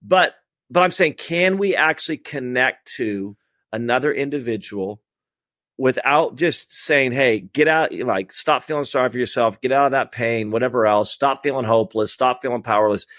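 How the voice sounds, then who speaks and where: A male host talks over a video call, reflecting aloud and asking questions, often stammering through his restarts. His pitch sits in an ordinary middle range. The sound is dry and close, from a computer microphone. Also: moderate pace, fairly bright tone, no echo. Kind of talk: casual conversation about faith.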